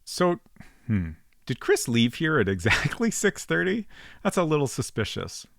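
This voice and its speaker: A man's voice: fairly high pitch, big pitch swings, measured pace, gravelly, fairly bright tone, dry recording, studio quality. A man streaming an old detective game, thinking aloud in a casual, rambling way with frequent ums as he works things out. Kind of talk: casual let's-play commentary.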